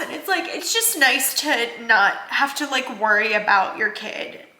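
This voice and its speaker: A woman's voice: sits high, sing-song, a little slow, few pauses, bright, forceful tone. A woman in her thirties from New Jersey, vlogging to camera, tearful and rambling with restarts and fillers. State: tearful, crying. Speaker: vlogger, working mom. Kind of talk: casual vlog talk to camera. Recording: roomy echoey room sound.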